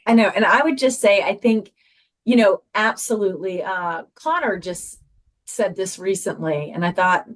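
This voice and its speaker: A woman's voice: medium pitch, normal speed. A middle-aged woman speaking earnestly as a podcast guest, repeating herself as she searches for words. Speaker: guest, mother. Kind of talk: heartfelt podcast interview.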